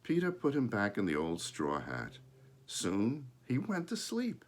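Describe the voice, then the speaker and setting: A man reading a children's story aloud in an animated way, pausing to talk about the pictures. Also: fairly low pitch. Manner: animated, pauses to point at pictures. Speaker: storybook reader.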